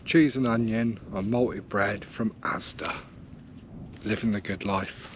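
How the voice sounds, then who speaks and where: A man's voice: on the low side, fairly even intonation, slow, background noise. Easygoing man hiking the moors. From South West England. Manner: chatty, rambling, easygoing, talks to camera while hiking. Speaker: wild camping vlogger. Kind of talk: casual walking vlog commentary. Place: outdoors on open moorland. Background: faint outdoor ambience.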